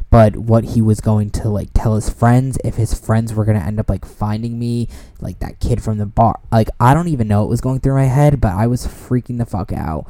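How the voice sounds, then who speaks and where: A young man hosting a podcast, telling a story in a casual, animated way, swearing freely and using lots of fillers. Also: on the low side, no echo. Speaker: podcast host.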